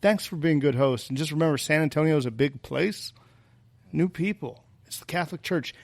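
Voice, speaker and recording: A man's voice: on the high side, a little fast, vocal fry, no room sound. A man who is a guest on a podcast, chatting in a folksy way and setting up his points like small stories. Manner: folksy, storytelling. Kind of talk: casual panel chat.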